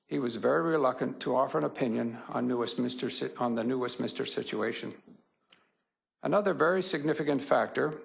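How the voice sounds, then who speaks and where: A man speaking as a public delegate at a council meeting, reading a prepared statement in a measured, methodical way that mildly rebuts the other side. He has a Canadian English accent. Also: medium pitch, vocal fry, poor audio. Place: council chamber.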